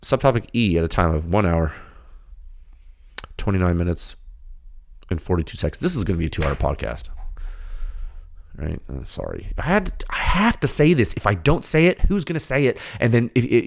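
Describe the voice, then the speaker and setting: A man hosting a technical podcast, talking in an animated, ranting way with rapid rhetorical questions before settling into explaining data. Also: on the low side, creaky. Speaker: podcast host.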